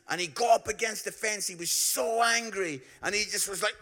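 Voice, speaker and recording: Brief: Scottish male preacher, high and bright, chatty storyteller. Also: normal speed, few pauses. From Scotland. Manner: chatty, with frequent "yeah?" tags and asides. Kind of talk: humorous storytelling sermon.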